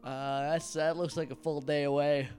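A man's voice: a little high, level tone, moderate pace, darkish tone, faint music behind. A young man playing a tabletop game, easygoing and teasing toward the other players.

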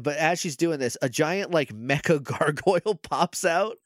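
Animated jokey man, dry sound. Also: on the high side, brisk, hardly any pauses, no room sound. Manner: animated, jokey, acts out scenes in silly voices. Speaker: podcast co-host. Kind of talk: casual recap chat.

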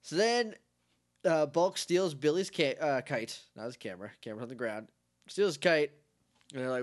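A man's voice: on the high side, normal speed. A man co-hosting a podcast, chatting casually and acting out characters' lines as he recaps a TV episode. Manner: animated, acts out characters' lines mid-story. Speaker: podcast co-host.

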